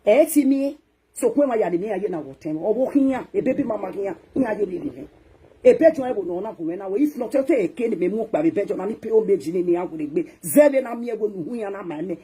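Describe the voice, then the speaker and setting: A social media talk show host, a woman with a Nigerian accent, launches into a scolding monologue that shifts between loud outbursts and soft muttering. Her husky, medium-pitched voice moves fast with lively intonation.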